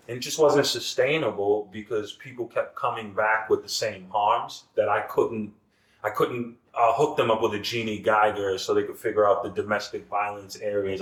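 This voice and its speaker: A man's voice: lowish voice, fairly even intonation, moderate pace, a bit bright. A man talking as a guest in a casual podcast conversation, earnest and circling back with many restarts. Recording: echoey room.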